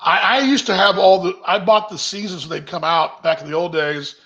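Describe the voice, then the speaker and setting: A man's voice: high-pitched, fairly quick, a bit bright. A man casually hosting a virtual happy hour from his kitchen, rambling and reading out viewers' comments. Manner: chatty, rambling, reads viewer comments aloud. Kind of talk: casual chat on a video call. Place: home kitchen. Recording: dull lo-fi video call audio.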